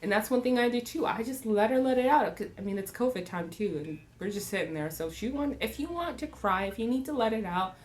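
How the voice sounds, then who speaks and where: A woman's voice: fairly high pitch, expressive, fast talker, few pauses. A woman in her thirties, a mother, talking casually and reflectively about raising a child, laughing often and acting out voices. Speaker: parenting vlogger. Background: faint acoustic music.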